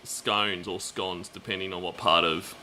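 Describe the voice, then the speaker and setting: A man's voice: low voice, level tone, a little slow, sharp tone, slight background noise. A man from Australia with an Australian accent, co-hosting a casual chat in an easygoing, curious way. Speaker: co-host.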